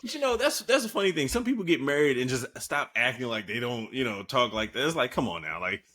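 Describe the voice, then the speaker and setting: A man's voice: mid-range voice, very animated, fast talker, pushed and bright. A man co-hosting a podcast, teasing his co-host in playful, casual banter. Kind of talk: casual chat.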